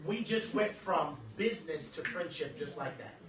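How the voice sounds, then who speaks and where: A man giving a joking, animated motivational talk to a group, acting out little dialogues as he goes. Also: on the high side, normal speed, echoey room, distant mic, crowd noise, rough recording. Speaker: workshop speaker.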